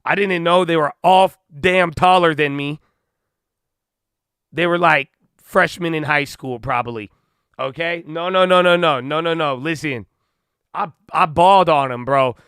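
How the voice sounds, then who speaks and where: A man's voice: fairly high pitch, unhurried, smooth, no room sound, clean studio sound. A young man hosting a casual live stream, slangy and hyped, a little winded. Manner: hyped, slangy, shouts out viewers. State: winded, out of breath. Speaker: live-stream trading host.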